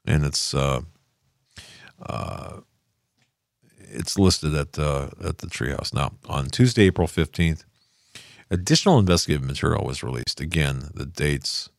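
Older man with a deep gravelly voice. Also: unhurried, pauses often, no room sound, studio quality. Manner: rambling, loses his thread and restarts. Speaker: political commentary host. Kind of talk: casual monologue commentary. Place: home office studio.

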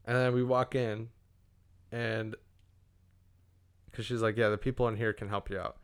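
A man's voice: on the low side, flat delivery, moderate pace, clean tone. A young man casually telling a profane story on a podcast, acting out what everyone said.

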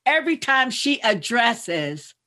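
Woman cohost, bright lively voice, blunt profane ranter. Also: a little high, slow pace. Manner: blunt, profane, exasperated ranting. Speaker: show reviewer. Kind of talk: casual chat.

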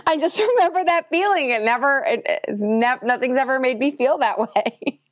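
A woman's voice: sits high, moderate pace, no room sound, lo-fi sound. A woman co-hosting a podcast in casual banter, laughing often as she talks. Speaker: podcast co-host. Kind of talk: casual chat.

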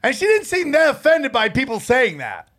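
A man co-hosting a casual comedy podcast, talking in a loud, excitable and crude jokey way. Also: extremely high pitch, moderate pace. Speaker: podcast co-host.

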